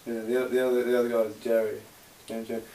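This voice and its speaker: A man's voice: mid-range voice, monotone, fast, mellow. Man as a baffled bar customer, hesitant and stammering, far from the camera mic. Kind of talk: amateur comedy sketch acting. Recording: roomy, distant camera mic, faint noise.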